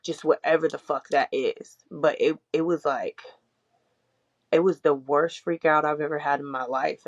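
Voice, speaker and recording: A woman's voice: low-pitched, creaky. Rambling woman, candid chat, dull lo-fi sound. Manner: rambling, heavy use of "like", frank swearing. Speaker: podcast co-host. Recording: dull lo-fi audio.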